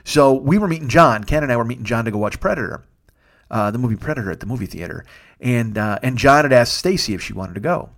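A man, a comedian and podcast host, telling a rambling, profane story in a casual, animated way with lots of restarts. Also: medium pitch, fast, creaky. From lives in Los Angeles.

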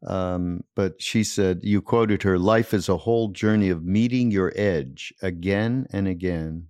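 A man hosting a reflective podcast interview, speaking haltingly with many fillers. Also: sits low, a little mellow, no room sound, clean studio sound. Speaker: podcast host.

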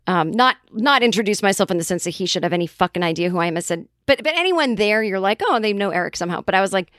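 A woman's voice: mid-range voice, expressive, quick pace, a bit bright, no room sound, studio quality. A woman comedian from the Boston area, telling a rambling, profane story in casual chat with lots of quoted voices. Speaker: comedian and writer.

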